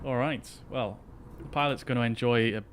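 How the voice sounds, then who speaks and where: A man's voice: mid-range voice, fairly even intonation, moderate pace, slight background noise. A man streaming a flight simulator, chatting casually with his viewers as he flies. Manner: chatty, talks to chat while flying. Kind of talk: casual live-stream commentary.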